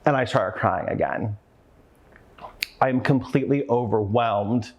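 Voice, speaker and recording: A man's voice: medium pitch, a little slow, highs cut off. Man, mid-range voice, earnest motivational storyteller who acts out the other people's voices. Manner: earnest, openly emotional, acts out the voices in his stories. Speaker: conference speaker.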